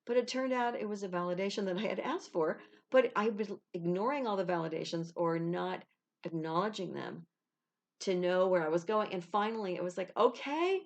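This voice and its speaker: A woman's voice: lowish voice, a little fast, creaky. A woman, a spiritual guide, talking casually to camera with chatty advice and little acted-out exchanges. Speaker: intuitive spiritual guide, video host.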